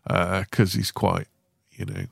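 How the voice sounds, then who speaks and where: A man's voice: deep voice, little pitch movement, creaky, slightly rough, dry recording, studio quality. A man hosting a podcast interview, joking and punning on a podcast mic. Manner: jokey, quick with puns. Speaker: podcast host. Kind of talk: casual interview.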